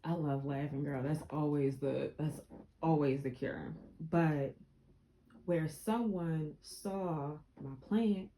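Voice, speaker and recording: A young woman speaks to her viewers in a casual motivational vlog. Her voice sits low and mellow. She talks earnestly and repeats lines for emphasis. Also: slow pace, a little hiss or hum, low-quality recording. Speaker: vlogger.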